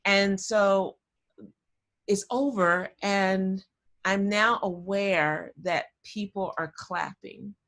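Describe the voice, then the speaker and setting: A woman tells a personal story to a class over a video call, animated and chatty, often drifting off on side notes. Her voice sits at a middle pitch, and the sound is the plain audio of a laptop call. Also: extremely slow. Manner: animated, chatty, easily sidetracked. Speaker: guest speaker.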